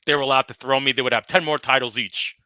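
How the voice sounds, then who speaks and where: A man's voice: mid-range voice, steady tone, fast, pushed and bright, smooth, dry recording. A man playing a bragging, aggrieved bowling ball. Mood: boastful. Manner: boastful trash talk, repeats the host's name. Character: aggrieved urethane bowling ball, tough-talking male. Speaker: guest. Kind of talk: comedic podcast skit.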